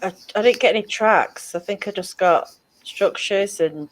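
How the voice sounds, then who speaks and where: A woman hosting an interview, asking questions in a halting way and rephrasing them as she goes. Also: mid-range voice. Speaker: host.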